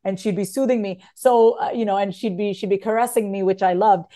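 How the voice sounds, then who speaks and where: A woman's voice: mid-range voice, fairly even intonation, brisk, warm tone. A woman talking candidly and emotionally as an author guest in an interview. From United States. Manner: candid and emotional, swings from tearful to laughing.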